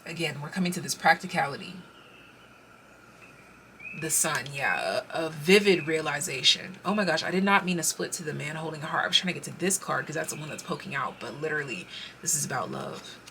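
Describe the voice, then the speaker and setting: A woman giving a casual pick-a-card tarot reading. She speaks straight to the viewer, gets excited, and interrupts herself as she pulls cards. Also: low voice, brisk, slight background noise.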